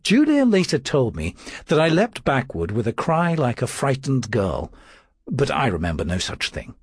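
A man's voice: mid-range voice, wildly swooping pitch, normal speed, slightly rough, dry recording. Dry, wry male audiobook narrator.

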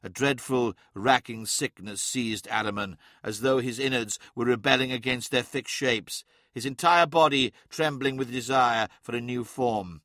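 Bright-voiced male audiobook narrator. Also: mid-range voice, moderate pace, no echo, clean studio sound. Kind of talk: dramatic scripted narration.

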